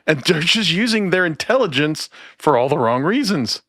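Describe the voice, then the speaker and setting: A man hosting a podcast, chatting casually and retelling stories in an animated way, laughing often. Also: fairly high pitch, moderate pace. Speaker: podcast host. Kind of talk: casual chat.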